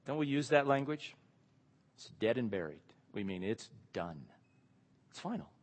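A man's voice: mid-range voice, very animated, normal speed. A man preaching a sermon, asking the congregation questions and stressing key words. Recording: long hall reverb.

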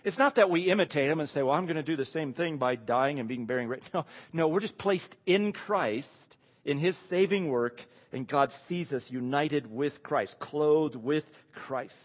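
A man's voice: a little high, normal speed. A man preaching a sermon, asking the congregation questions and stressing key words. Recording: long hall reverb.

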